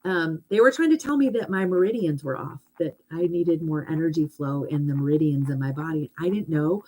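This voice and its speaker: A woman's voice: low voice, brisk, mellow, low-quality recording. A middle-aged woman chatting casually and animatedly about affirmations and self-love, with lots of fillers. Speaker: host, hypnotherapist.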